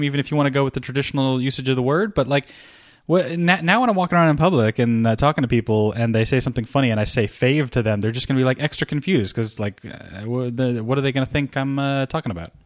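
A man's voice: medium pitch, no echo, studio quality. A man co-hosting a podcast, chatting casually with a teasing, joking manner. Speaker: podcast co-host. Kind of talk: casual chat.

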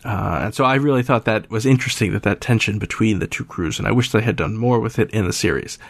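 A man's voice: fairly low pitch, fast talker, gravelly, no room sound. A man hosting a podcast, chatting casually and rambling with frequent filler sounds. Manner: rambling, many uh fillers, wry. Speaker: podcast host.

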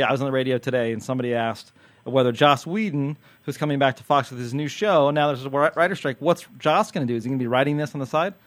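A man hosts a relaxed podcast chat as a TV critic. He rambles, jokes and teases, his medium-pitched voice sitting close and dry. The talk stays loose and conversational. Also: no room sound. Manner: jokey, rambling, quick to tease.

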